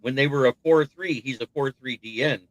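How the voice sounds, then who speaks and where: A man's voice: mid-range voice, brisk, no echo, dull audio. A man hosting a casual sports talk stream, rambling and thinking aloud as he goes. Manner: rambling, thinks aloud with restarts, laughs at rival team's troubles. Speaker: sports talk show host.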